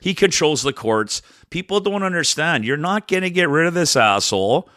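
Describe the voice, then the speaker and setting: Podcast co-host from Canada, bright forceful voice, profane rambler, dry close mic. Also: male voice, on the high side, expressive, moderate pace, no room sound. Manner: blunt, profane, rambling, swings loud and soft. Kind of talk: casual ranting chat.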